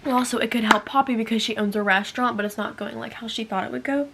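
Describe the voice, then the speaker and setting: Bubbly young woman with vocal fry. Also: a little high, fast. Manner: bubbly and excitable, full of "like". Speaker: book vlogger. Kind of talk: casual chat.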